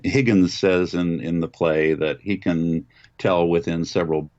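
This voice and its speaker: Very deep-voiced older man, dry lo-fi sound. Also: steady tone, a little slow, darkish tone, no echo. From Western Pennsylvania, United States. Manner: thoughtful, reminiscing, hesitant fillers. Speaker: voice actor, interview guest. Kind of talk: relaxed interview answers. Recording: dull, lo-fi remote audio, dry.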